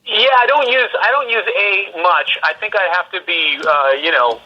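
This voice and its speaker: A man's voice: high voice, lively intonation, moderate pace. A man from British Columbia with a Western Canadian accent, a guest telling easygoing stories in casual chat, heard over a dull phone line. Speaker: podcast guest, musician.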